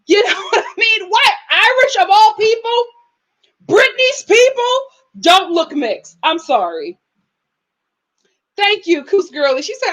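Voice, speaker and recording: Animated, laughing woman live-streaming. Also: extremely high pitch, moderate pace, highs cut off. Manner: animated, playful, laughs often, quotes in exaggerated voices. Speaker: host of a live TV review stream. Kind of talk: casual live-stream commentary reading chat.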